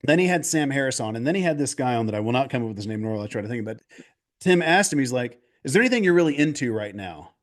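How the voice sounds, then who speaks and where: A man guest on a video call interview, telling stories in a casual, animated way and acting out quotes. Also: medium pitch, very fast. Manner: animated, restarts and acts out quotes. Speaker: golf coach guest.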